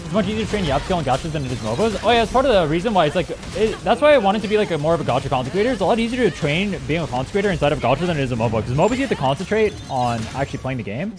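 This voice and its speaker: A man's voice: on the high side, sing-song, very fast, hardly any pauses, over music. A young man streaming a game, chatting in a rambling, casual way with plenty of swearing, his throat a little strained. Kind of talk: casual gaming stream chat.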